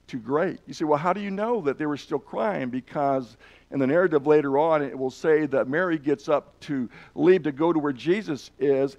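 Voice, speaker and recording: Guy preaching a sermon, earnest, bit high voice, dull lo-fi sound. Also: a little mellow. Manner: earnest preaching, reads scripture aloud with emphasis. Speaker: pastor.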